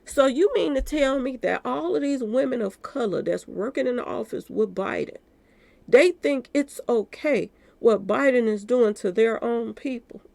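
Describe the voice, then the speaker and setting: Gravelly woman chatting to viewers. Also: a little high, normal speed, darkish tone, no room sound. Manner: talks straight to viewers, repeating "y'all". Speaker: commentary channel host. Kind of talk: casual commentary to viewers.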